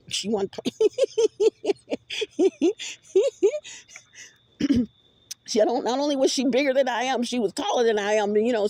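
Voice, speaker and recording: A woman's voice: on the high side, mellow, dry recording. A woman vlogger in a rambling, profane monologue with many restarts, recorded on a phone.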